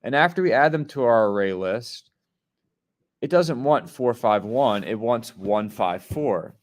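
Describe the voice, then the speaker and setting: A man's voice: mid-range voice, expressive, measured pace. A man teaching a coding lesson, explaining step by step and checking in with his students as he goes. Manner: step-by-step explaining, often checking in with "right?" and "okay?". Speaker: programming teacher. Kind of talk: screen-share coding lesson.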